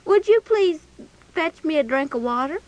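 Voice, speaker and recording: A woman's voice: high voice, lively intonation, normal speed, pitched above the performer's own voice. A woman voicing a polite but insistent old male prophet in a told Bible story. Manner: courteous but pushy requests.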